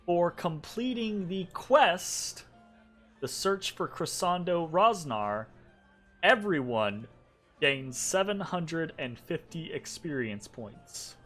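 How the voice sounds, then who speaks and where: A man narrating a tabletop game as the game master in a relaxed, casual way, full of fillers and checks like "right?". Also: fairly high pitch, takes it slowly, soft background music.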